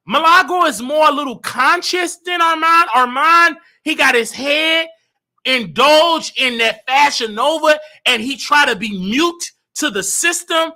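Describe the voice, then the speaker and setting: A man hosting a comedy show, ranting in a loud, animated way and often breaking into shouts. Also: very high-pitched, unhurried. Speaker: show host. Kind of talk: comedic rant.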